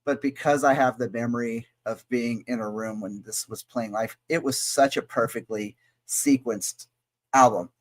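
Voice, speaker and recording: Guy cohosting a music podcast, rambly and crude, mid pitched regular voice. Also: steady tone, normal speed. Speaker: podcast co-host. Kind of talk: casual chat reviewing an album.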